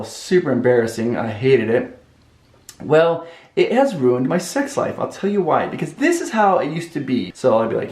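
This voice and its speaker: An animated man telling a comedic story to camera, his voice swooping up and down as he goes. The room around him sounds roomy and echoey. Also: mid-range voice. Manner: animated and expressive. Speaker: vlog host.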